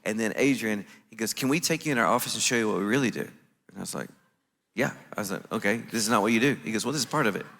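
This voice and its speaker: Male conference speaker with a lowish, bright voice, lively storyteller, hall echo. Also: fast. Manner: animated, acts out his own quoted reactions. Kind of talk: storytelling talk on stage. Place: conference stage in a large venue. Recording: echoey large hall.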